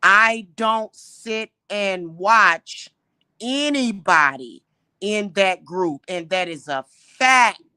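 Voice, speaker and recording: A woman hosting a livestream, ranting indignantly at her viewers with exasperated rhetorical questions and slow, emphatic repetition. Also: mid-range voice, expressive, pushed and bright, smooth, dry recording. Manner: repeats points slowly and emphatically. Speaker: livestream host.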